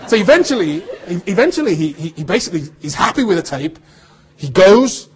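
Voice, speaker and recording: A man giving an animated storytelling talk to students about his acting career, acting out the dialogue he quotes. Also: sits high, a little fast, a little hiss or hum. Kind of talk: anecdotal storytelling speech.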